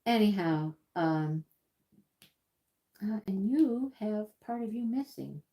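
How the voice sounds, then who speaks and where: This woman's voice sits in the mid-range, warm and animated, though she takes her time. She hosts a casual livestream while crafting at her table at home, chatting in a rambling way and repeating herself often.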